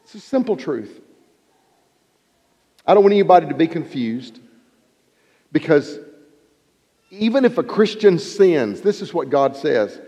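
A man preaches with an emphatic, animated delivery, his fairly high voice rising and falling widely. Reverb trails each phrase as it rings through a large hall. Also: normal speed, pauses often, muffled recording. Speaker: pastor. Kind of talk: sermon.

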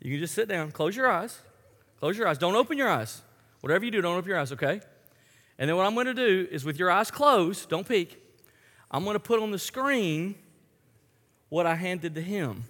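A man leading a group game for an audience, talking in a playful, chatty way with halting restarts and frequent laughs. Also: high voice, expressive, fairly bright tone. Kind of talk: live talk to an audience. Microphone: handheld microphone. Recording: echoey hall with long reverb.

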